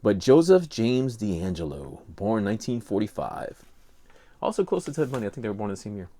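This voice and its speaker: An older man with a Cajun accent, co-hosting a laid-back podcast chat, rambles through a story packed with fillers. His voice is fairly low and dark, very animated, and a little fast.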